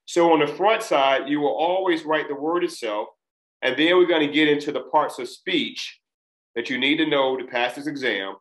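A man teaching test-taking strategies in a relaxed, conversational lesson. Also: on the high side, moderate pace, poor audio. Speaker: test prep instructor. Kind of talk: casual spoken lesson.

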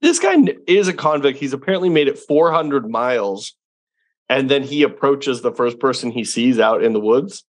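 Lively, wry-sounding podcast man. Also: mid-range voice, normal speed. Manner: wry, teasing interjections. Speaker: podcast co-host. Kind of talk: casual chat.

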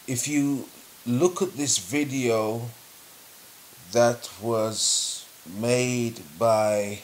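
Slow, deliberate male commentator. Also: mid-range voice, fairly even intonation, a little hiss or hum. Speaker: video commentator.

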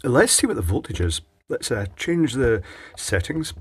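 A man's voice: mid-range voice, sing-song, moderate pace, slightly rough. A man chatting dryly as he repairs electronics at his workbench, thinking aloud as he works. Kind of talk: casual workbench commentary.

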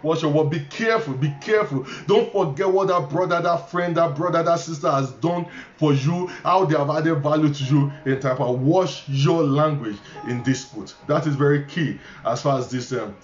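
A man's voice: fairly high pitch, moderate pace, few pauses, soft background music. A male pastor with a Nigerian accent preaching a sermon, repeating key phrases emphatically, with stammering restarts. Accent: Nigerian English. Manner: repetitive, emphatic, stammering restarts, chuckling asides. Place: church hall. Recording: echoey, dull church recording with faint ambience.

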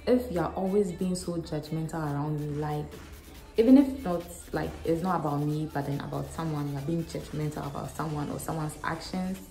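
A young woman from Ghana, answering questions in a casual vlog with a frank, animated, self-mocking manner. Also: deep voice, fairly quick, gravelly, hardly any pauses. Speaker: vlogger. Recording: echoey room with faint music.

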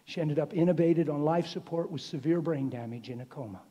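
Middle-aged male preacher, dark husky voice, goes from hushed to loud, big hall reverb. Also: on the high side, brisk. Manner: swings from hushed near-whisper to loud exclaiming. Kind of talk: sermon. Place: church hall.

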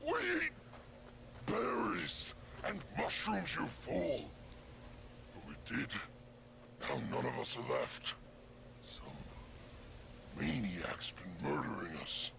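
A man's voice: mid-range voice, big pitch swings, takes it slowly, pauses often, noisy background, full character voice. A man voicing a weary male sasquatch, the last of his kind, mournful and pleading for death. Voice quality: gravelly, creaky voice. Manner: mournful, pleading, sometimes whispered.

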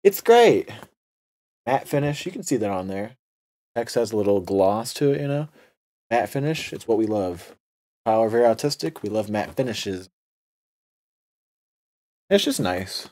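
A man's voice: fairly low pitch, very animated, moderate pace, long pauses, a little mellow. Sarcastic rambling young man unboxing. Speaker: unboxing video host. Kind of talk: casual unboxing commentary.

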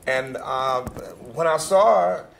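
An older man with a gravelly, creaky voice shares his story on a panel. He pitches a little higher than most men and drops into voices for the people he quotes. It sounds like a live panel talk. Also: slow, a little hiss or hum. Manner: animated storyteller, acts out quoted dialogue.

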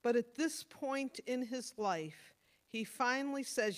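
Slow earnest woman preaching a sermon. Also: on the high side, animated. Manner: earnest, motherly, emphatic with sudden drops to soft tones. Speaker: pastor. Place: church.

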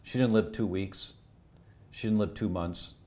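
A middle-aged man, a doctor, telling personal family stories in an interview, earnest, his voice going from animated to hushed. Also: low voice, measured pace. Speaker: doctor and health educator. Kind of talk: emotional personal storytelling in a podcast interview.

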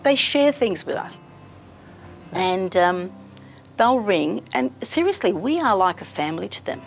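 A middle-aged woman, a community radio presenter telling stories in a warm, chatty, lively interview manner. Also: mid-range voice, measured pace, creaky, soft background music. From Australia. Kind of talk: casual interview storytelling.

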